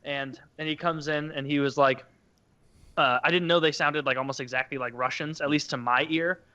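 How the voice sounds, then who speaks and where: Bright-voiced male podcast host. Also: a little high, steady tone, moderate pace, smooth, dry recording, muffled recording. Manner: rambling, crude, self-mocking. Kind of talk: casual storytelling chat.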